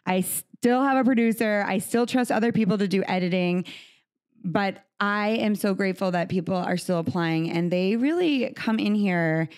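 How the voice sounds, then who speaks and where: An American woman hosts a podcast from a recording studio, her medium-pitched voice smooth and darkish at a moderate pace. In a conversational interview she speaks of faith in a heartfelt, earnest way.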